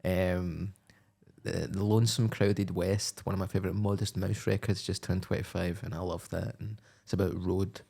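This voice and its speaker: A Scottish comedian in his late twenties trades casual podcast banter in a dry, deadpan way. His voice sits low and has a gravelly, creaky edge. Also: moderate pace. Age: late 20s. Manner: dry, joking, deadpan asides. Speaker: comedian co-host.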